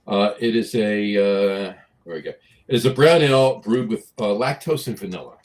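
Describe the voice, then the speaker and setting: A man with a low voice co-hosts a casual podcast. He talks haltingly, filling pauses with "uh" as he hunts for the next word. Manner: halting, many "uh" fillers, searching for words. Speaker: podcast co-host. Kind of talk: casual chat.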